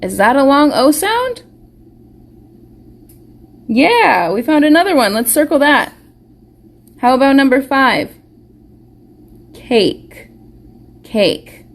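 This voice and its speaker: A woman leads a children's phonics lesson on a live stream, speaking at an unhurried, deliberate pace. Her voice sits a little high, and she sounds out each word carefully, cheering the kids along with gentle encouragement. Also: big pitch swings. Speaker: preschool teacher. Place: school or home classroom, live stream.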